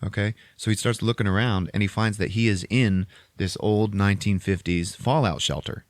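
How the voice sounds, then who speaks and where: Low-voiced man in his forties, casual podcast host, profane rambler, dry close sound. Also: fairly even intonation, moderate pace, no room sound. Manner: profane and rambling, lots of filler. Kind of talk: casual movie recap chat.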